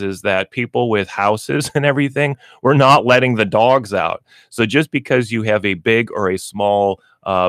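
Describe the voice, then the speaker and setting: This man's lowish, fairly bright voice comes through a dry, clean studio recording. He hosts a pet store radio show, chatting in a folksy manner about training and voicing imagined lines from dogs and owners.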